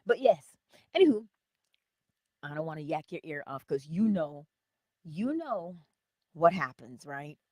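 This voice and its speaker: A woman hosts a relaxed livestream chat, her pitch leaping up and down as she greets viewers by name and calls them honey. She talks at an unhurried pace, close to the mic in a dry, dead room. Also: no echo. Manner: animated, laughing often, calling viewers honey. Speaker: livestream host.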